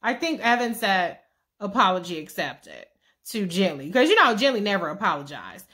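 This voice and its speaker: A woman's voice: mid-range voice, big pitch swings, brisk, sharp tone, a little hiss or hum. A woman casually recapping a TV series with profane, sassy asides. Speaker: show recap vlogger.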